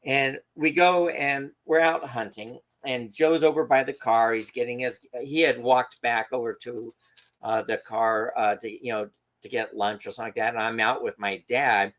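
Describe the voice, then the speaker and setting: A man co-hosting a podcast, telling a story in a casual, animated way and acting out the quotes. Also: medium pitch, moderate pace. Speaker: podcast co-host.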